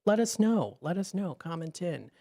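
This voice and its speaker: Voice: mid-range voice, sing-song, normal speed, mellow. A radio host, chatting on a live call-in show from a studio microphone, rambling with many fillers and restarts.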